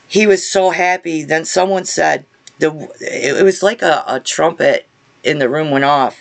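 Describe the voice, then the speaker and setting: A man telling of a religious vision in a casual spoken testimony, halting and earnest, often repeating and restarting his words. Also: on the high side, gravelly. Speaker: vlogger sharing a religious vision.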